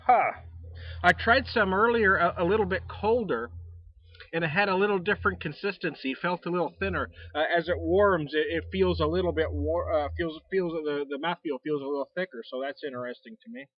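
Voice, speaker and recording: A folksy American man reviews a beer outdoors, rambling in a chatty way and chuckling between thoughts. His voice sits a little high for a man. It comes through a dull, muffled camera mic with no room echo. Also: brisk. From United States. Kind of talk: casual beer tasting vlog. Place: outdoors out back.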